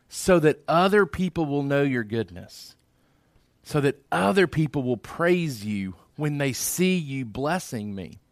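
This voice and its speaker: A man's voice: fairly high pitch, animated, a little slow, dry recording, clean studio sound. A man preaching a sermon as pastor, earnest and repeating phrases for emphasis.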